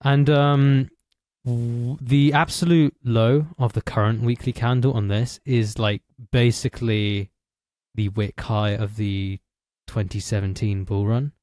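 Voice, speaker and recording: A man co-hosting a podcast, explaining things in a hesitant, halting way in casual chat. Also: medium pitch, steady tone, darkish tone, dry recording. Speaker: podcast co-host.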